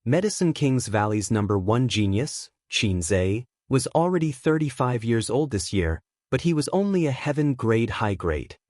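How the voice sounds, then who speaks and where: A male narrator reading a fantasy audiobook in an even, steady way. His voice is mid-pitched, and the recording is dry and close with no room echo. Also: moderate pace, hardly any pauses. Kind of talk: scripted narration.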